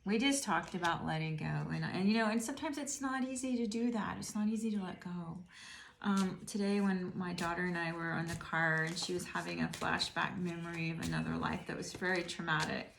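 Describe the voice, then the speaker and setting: A woman's voice: on the low side, a little fast, creaky, a bit bright, slight background noise. A middle-aged woman giving a casual tarot reading, musing and rambling as she speaks to the viewer. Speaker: tarot reader. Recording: roomy echo.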